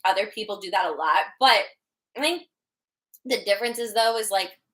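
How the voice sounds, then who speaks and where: Bright-voiced woman telling rambling stories. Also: medium pitch, normal speed, rough recording. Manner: rambling storytelling, heavy filler words, laughs. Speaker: podcast co-host. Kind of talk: casual chat.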